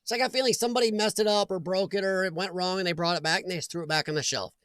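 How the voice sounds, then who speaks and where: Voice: mid-range voice, fairly even intonation, rapid-fire, fairly bright tone, no room sound. A livestream host chatting casually from home, laughing often and greeting viewers by name.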